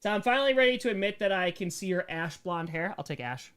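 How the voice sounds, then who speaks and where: A man's voice: high-pitched, lively intonation, fast talker, a bit bright, clear, resonant tone. A young man hosts a members Q&A stream, reading chat and answering with dry, sarcastic humor. His voice swings widely up and down, and he laughs easily between lines. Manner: joking, sarcastic, laughs often. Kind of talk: casual livestream chat reading comments.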